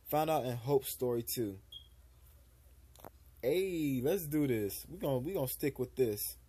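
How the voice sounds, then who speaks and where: A man's voice: medium pitch, animated, measured pace, warm tone, husky. A young man streaming a story game, reading the characters' dialogue aloud and chatting casually between lines, with small stumbles. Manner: casual, slightly stumbling read-aloud delivery.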